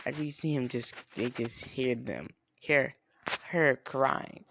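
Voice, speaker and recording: A man improvising a fan story as narrator, rambling and halting with casual swearing. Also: mid-range voice, fairly even intonation, gravelly, fairly bright tone, slight background noise.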